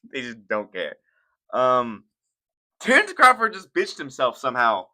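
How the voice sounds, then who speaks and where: A man's voice: medium pitch, huge pitch swings, slow pace, pushed and bright. A young man hosting casual, profane reaction commentary on fight sports, rambling and laughing as he goes. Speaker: commentary channel host.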